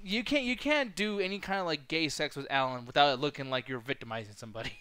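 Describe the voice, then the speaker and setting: A man's voice: fairly high pitch, fast, bright, forceful tone, clear, resonant tone. A man co-hosting a casual livestream, reading chat, swearing and laughing often as he teases his friends.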